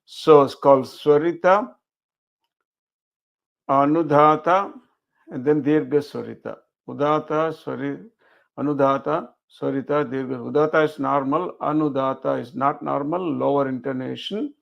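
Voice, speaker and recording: A man's voice: fairly high pitch, unhurried, vocal fry. A man, teaching a recorded chanting lesson and explaining each step patiently. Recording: dull lo-fi recording.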